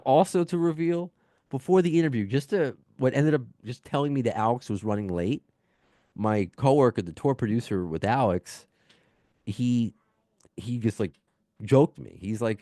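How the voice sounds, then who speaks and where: A New York man hosts his podcast from home, reading listener mail in a loose, self-deprecating ramble full of fillers and restarts. His voice sits low. The recording is dry and close, with no room sound. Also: animated, normal speed, dark tone, no room sound. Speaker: podcast host. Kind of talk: casual podcast chat reading listener emails. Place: home, baby heard in background.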